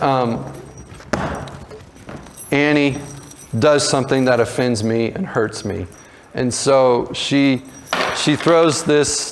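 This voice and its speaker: A man preaching a sermon, retelling a story in a conversational way and slipping into lively voices for the characters. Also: medium pitch, slight background noise. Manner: conversational with frequent restarts and fillers. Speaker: pastor.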